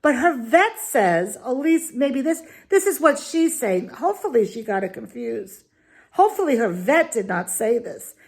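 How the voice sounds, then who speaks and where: Woman, indignant, emphatic, ranting review, higher voice, slow deliberate talk. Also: big pitch swings, darkish tone. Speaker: dog food reviewer. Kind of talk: opinionated video review.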